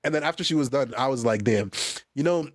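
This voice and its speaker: Male podcast co-host, quick animated storyteller, dry sound. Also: mid-range voice, no room sound. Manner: animated storytelling, slangy, laughing often. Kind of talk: casual chat among friends.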